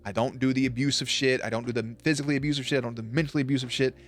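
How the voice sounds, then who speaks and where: A male streamer spins a rambling, cuss-filled anecdote for his chat, often breaking into laughter. His pitch sits mid-range, and soft music plays quietly underneath. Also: steady tone, racing. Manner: loose, profane, laughs at his own story. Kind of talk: casual storytelling on a live stream.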